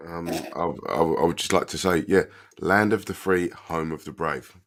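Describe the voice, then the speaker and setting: A man's voice: sits low, steady tone, moderate pace. A man with an English accent, bantering as a co-host, stammering and emphatic. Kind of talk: casual banter.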